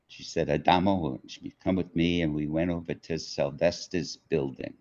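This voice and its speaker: An older man tells a childhood story in an interview. He speaks slowly in a very low voice and acts out the people he quotes. The audio is dull and lo-fi. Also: a little mellow. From New York. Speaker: author being interviewed.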